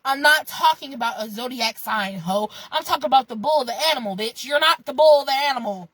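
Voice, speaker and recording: A young woman with a husky, slightly breathy voice talks straight to her viewers in a casual, profane motivational rant. She is blunt and animated, swearing freely as she lectures them. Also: sits high, fairly quick, no echo, low-quality recording. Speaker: vlogger.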